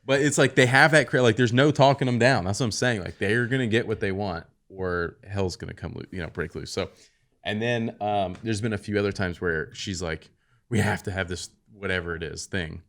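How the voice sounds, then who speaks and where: Low-voiced man telling animated stories. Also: moderate pace, vocal fry. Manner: animated storyteller, acts out quotes with sudden high-pitched outbursts. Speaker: podcast host. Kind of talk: casual chat.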